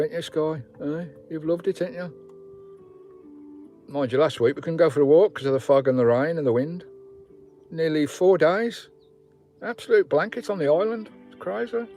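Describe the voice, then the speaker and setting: A man's voice: a little high, normal speed, pauses often, warm tone. Rambling male vlogger, casual live chat, faint music in the background. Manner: rambling, chatty, talks to his dog and viewers. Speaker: vlogger hosting a live stream. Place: inside a campervan.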